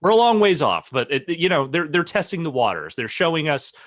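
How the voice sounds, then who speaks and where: A man co-hosting a casual podcast chat, talking quickly with frequent restarts and dry analytical takes. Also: on the high side, sing-song, fairly bright tone, slight background noise. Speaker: podcast co-host.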